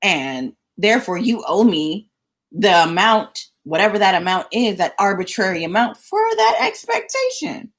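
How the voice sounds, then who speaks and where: A young adult woman telling a story as a rant to her vlog audience, animated and sassy, repeating words for emphasis. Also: mid-range voice, moderate pace. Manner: sassy, mocking asides. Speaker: vlogger.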